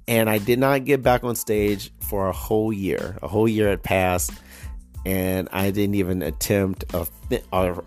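A young adult man hosting a podcast, telling a story casually, laughing often and restarting his sentences. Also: on the low side. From United States. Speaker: podcast host.

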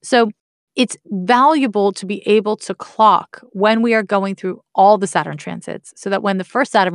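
A woman's voice: mid-range voice, no echo, clean studio sound. A woman explaining astrology in a casual, candid way, swearing now and then and making wry asides. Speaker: astrology teacher.

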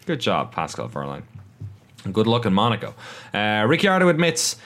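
Lower-voiced man hosting a racing podcast. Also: huge pitch swings, moderate pace, a bit bright. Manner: rambling, self-deprecating asides, swears. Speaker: podcast host. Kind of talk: casual news roundup.

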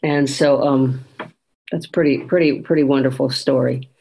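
A woman's voice: extremely low pitch, steady tone, moderate pace, dark tone, slightly rough, poor audio. Woman retelling scripture in a podcast. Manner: reflective, retelling scripture with quoted lines. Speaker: podcast co-host. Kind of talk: conversational faith podcast discussion.

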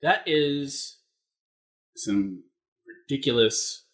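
A podcast co-host in casual banter, crude and playful, reacting loudly. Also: mid-range voice, animated, extremely slow.

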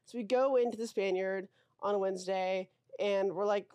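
A woman's voice: medium pitch, fairly even intonation, moderate pace, darkish tone, clean tone, no echo, clean studio sound. A young woman from Alaska co-hosting a podcast, telling a story in a chatty, casual way. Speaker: podcast co-host.

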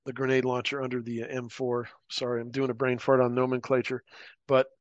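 A middle-aged man spins a casual war anecdote, jumping into higher voices whenever he quotes someone. His voice sits at an ordinary middle pitch, and the mic is close, with a dry, dead sound. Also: fairly quick, no room sound, dull audio. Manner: animated anecdotes, acting out quoted voices, laughing. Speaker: podcast guest, former paramilitary officer. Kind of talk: casual storytelling interview.

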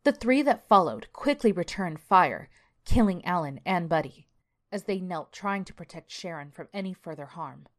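A woman reads a scripted horror tale in a steady, measured manner. Her voice sits a little low, and she sinks toward a hush when the story turns tense. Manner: measured, steady storytelling, drops to near-whisper in tense moments. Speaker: podcast narrator.

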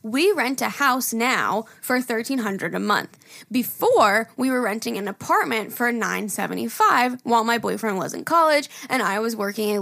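Woman cohost reading listener emails, laughs a lot, swears casually, slightly high voice. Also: creaky, fairly bright tone. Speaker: podcast co-host.

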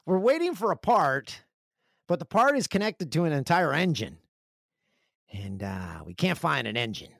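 A middle-aged man hosting a podcast solo, his pitch swinging freely as he jokes his way through listener letters. The sound is close and dry, with almost no room around his voice. His storytelling is animated and self-deprecating. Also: normal speed, vocal fry, dry recording. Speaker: podcast host. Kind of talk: casual podcast monologue, reading listener mail.

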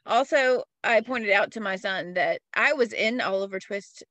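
A woman in her thirties co-hosting a casual podcast, animated, opinionated and quick to react. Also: medium pitch, no room sound. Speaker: podcast co-host.

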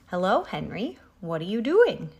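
A woman voicing a gentle, curious female cow who moos her words. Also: fairly low pitch, big pitch swings, a little slow.

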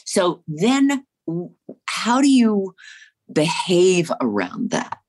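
A woman's voice: lowish voice, huge pitch swings, slow pace, darkish tone. A woman from New Jersey, a stage and screen actress, talking expressively and emphatically in a casual interview. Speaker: actress, guest.

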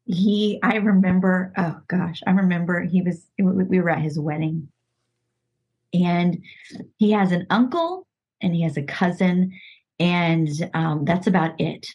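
Middle-aged woman, podcast guest, husky, unhurried, heartfelt and halting, lots of restarts. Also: fairly low pitch, lo-fi sound. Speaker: coach's wife and podcast guest. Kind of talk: emotional personal storytelling.

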